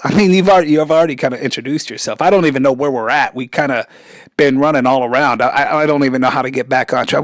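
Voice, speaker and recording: A man's voice: on the high side, expressive, brisk, dry recording, poor audio. A man with a mixed military brat accent, asking questions as an easygoing interviewer.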